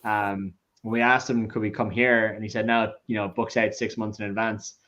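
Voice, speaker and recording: A man's voice: on the low side, flat delivery, a little fast, a bit bright. Chatty man hosting a whiskey tasting. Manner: chatty anecdotes, acts out quoted people. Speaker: whiskey tasting club host. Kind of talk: casual chat, livestream tasting. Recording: dull lo-fi sound.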